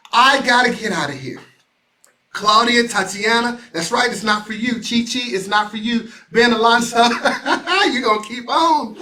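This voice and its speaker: A man hosting a motivational video call, leading listeners through affirmations in an energetic, preacher-like way, often repeating and shouting lines. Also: high-pitched. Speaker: association CEO hosting a weekly motivational show. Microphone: live video call.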